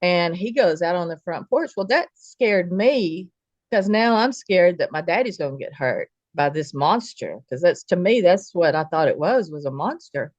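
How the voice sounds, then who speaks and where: A woman's voice: lowish voice, expressive, moderate pace, a little mellow, dry recording, dull audio. A woman telling a true personal story in a casual, folksy way, acting out the dialogue of the people in it. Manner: vivid, folksy retelling with quoted dialogue.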